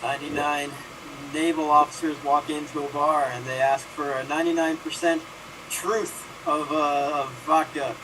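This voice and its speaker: A man playing an improv game, telling quick one-liner jokes with deadpan punchlines. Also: on the high side, crowd noise. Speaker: improv player. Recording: distant mic with noise.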